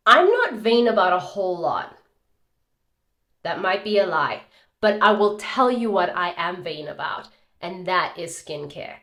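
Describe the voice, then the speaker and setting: A woman in her thirties chatting casually at home as a beauty vlogger, telling stories in an animated, laughing, dramatic way. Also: medium pitch. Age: 30s. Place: indoors at home. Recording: roomy echo.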